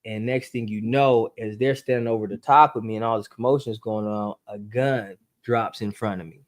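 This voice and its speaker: A man telling a true story as a podcast guest, acting it out with sound effects and speeding up and rising in pitch when the tension builds. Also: moderate pace. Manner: animated storyteller, acts out voices and gunshots; speeds up and rises in pitch at tense moments.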